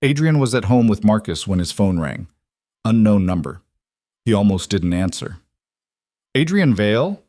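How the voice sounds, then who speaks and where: Guy reading a drama story, steady, low voice, dry. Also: normal speed, no room sound. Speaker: narrator. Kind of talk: scripted narration.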